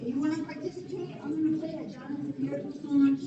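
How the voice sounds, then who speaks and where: A woman's voice: sits high, steady tone, fast, highs cut off. A woman casually leading a room of people into a circle dance, informal and coaxing. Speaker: dance leader. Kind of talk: casual crowd instructions. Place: large indoor conference room. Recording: echoey room with crowd noise.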